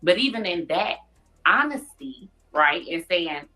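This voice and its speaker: A woman in a casual discussion on a podcast, with a fairly low voice. She speaks candidly and with emphasis. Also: animated, unhurried, pushed and bright, poor audio.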